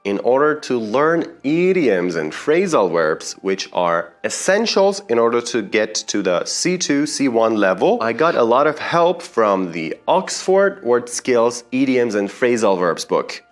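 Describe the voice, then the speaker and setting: Slow, earnest non-native English teacher, man. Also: mid-range voice, very animated. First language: not English. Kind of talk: personal story promoting a course.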